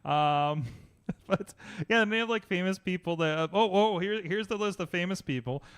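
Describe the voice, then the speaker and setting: A man's voice: high-pitched, moderate pace, a bit bright, clear, resonant tone. A man hosting a casual tech podcast who talks in looping restarts and reads chatbot replies aloud. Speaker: podcast host.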